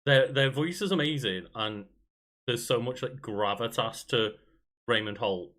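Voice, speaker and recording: Casual co-host, easy laughs, rambling anecdotes full of fillers. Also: male voice, mid-range voice, measured pace, fairly bright tone. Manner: laughs often, tells stories with many fillers. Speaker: podcast co-host. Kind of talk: casual podcast chat.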